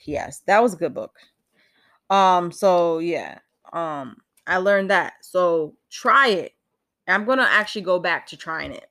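Woman, solo podcast host, casual candid chat, laughs easily, somewhat low voice. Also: creaky, fairly bright tone. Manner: chatty, candid, laughs often, swears casually. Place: indoors at home with rain outside.

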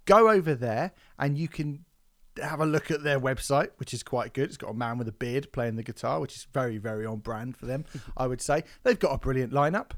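A man's voice: medium pitch, a little fast. A man hosting a podcast in casual chat, telling stories with mock outrage and plenty of swearing. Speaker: podcast host.

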